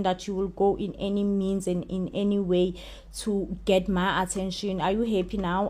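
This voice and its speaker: A woman's voice: medium pitch, mellow, natural voice. A woman doing an arrogant bullying father, South African accent. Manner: scornful, repetitive taunting. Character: arrogant aggressive man, a domineering father.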